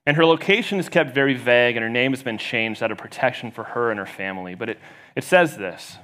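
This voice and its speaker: A man preaching a sermon as pastor, retelling a story and raising his voice for the quoted voices. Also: quick pace. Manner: storytelling, rising loud and high for quoted voices.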